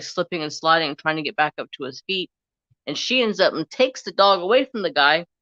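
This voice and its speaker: A man's voice: sits high, pushed and bright, dry recording, highs cut off. A man hosting a casual crafting live stream, rambling through a story and getting heated as he retells an argument.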